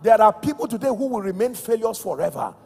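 A Nigerian man preaching a sermon with emphasis, going from shouted calls to quiet, low words and asking the congregation questions. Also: very animated, fast, gravelly, slightly rough. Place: large church hall. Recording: echoey church hall with soft music.

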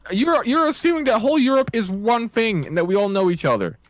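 A man's voice: extremely high pitch, dry recording. A young man from the Netherlands with a Dutch accent, bantering in mock offense while streaming a game with friends. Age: young adult. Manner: animated, mock-offended, quick to laugh. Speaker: streamer and co-player. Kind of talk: casual gaming banter.

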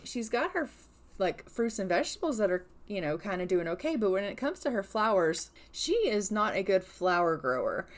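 A woman narrating her life-sim gameplay in casual, chatty style, sarcastic and quick to exclaim. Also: mid-range voice. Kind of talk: casual let's-play narration.

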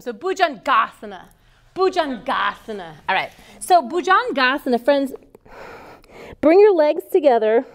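A woman leads a yoga teacher training, calling out posture cues in a playful, upbeat way. Her voice sits high and swings widely in pitch. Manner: upbeat, playful, cue-giving.

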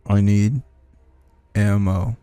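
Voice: sits low, steady tone, extremely slow, mellow, clear, resonant tone, dry recording, soft background music. A gamer giving let's play commentary on a horror game, frustrated, swearing a lot and talking to themself.

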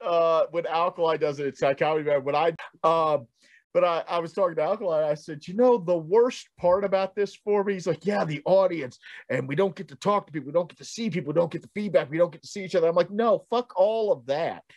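A man co-hosting a comedy panel, riffing quickly with lots of swearing and laughter. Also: fairly high pitch, no echo, highs cut off. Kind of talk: comedic banter. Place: convention panel stream.

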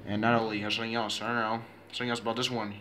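A man chatting playfully in a home video, halting and repeating himself while making up silly introductions. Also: on the low side, flat delivery, sharp tone, a little hiss or hum.

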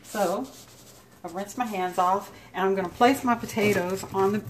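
In a casual cooking demo at home, a woman with a mid-range voice and normal pace talks through every step, even though her mouth is numb from the dentist. She's chatty throughout, and kitchen noise and clatter can be heard.

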